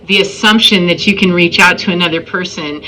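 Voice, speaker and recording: Speaking fairly quickly in a lowish, steady voice that still comes across bright and forceful, the vlogger recounts her own experience. It's an emphatic, informal spiritual talk where she performs the quotes of others. Slight background noise and poor recording quality are audible.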